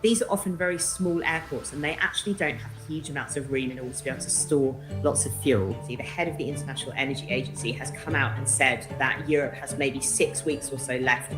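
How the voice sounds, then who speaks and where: A woman with an English accent, giving a measured, informative news interview as a travel expert. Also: rumbling low, fairly even intonation, poor audio. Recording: news clip with music behind.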